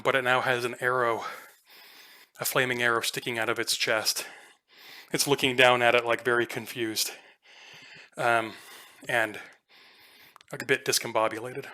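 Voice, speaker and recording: A man's voice: mid-range voice, pushed and bright. A man narrating a tabletop game as game master, casual and playful, with many filler ums.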